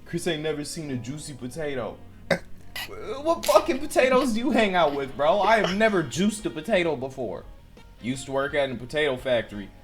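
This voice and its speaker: A man voicing an excitable male potato factory worker in an incredulous rant. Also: a little high, fairly quick, music in the background, pitched above the performer's own voice. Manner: loud, incredulous ranting.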